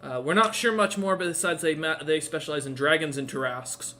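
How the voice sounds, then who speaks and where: A man voicing a dutiful male city guard who reports to his lord in an earnest, halting way. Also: a little high, bright, forceful tone, slight background noise.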